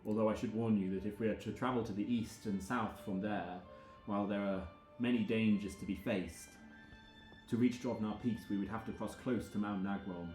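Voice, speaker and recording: A man voicing a formal, well-spoken male scholar with a Scottish accent, in a measured, long-winded way. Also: on the low side, fairly even intonation, darkish tone, close to an everyday voice. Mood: cautionary. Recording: roomy sound with background music.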